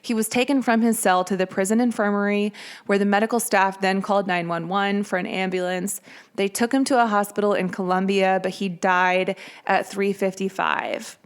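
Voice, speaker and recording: Woman podcast host, casual true-crime storytelling, chatty, mid-pitched voice. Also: steady tone, moderate pace, clean tone. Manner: chatty, conversational with fillers.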